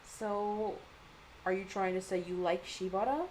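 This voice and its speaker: A woman's voice: mid-range voice, measured pace, a little mellow, slight background noise, voice pushed down, natural voice, rough recording. A woman reading a curious young man's lines from a manga, asking questions in a plain, direct way. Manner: questioning, straightforward.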